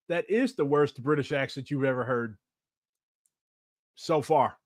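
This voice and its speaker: A man's voice: mid-range voice, unhurried, long pauses, no echo, studio quality. A man answering viewer questions in casual chat, sarcastic and profane, laughing often.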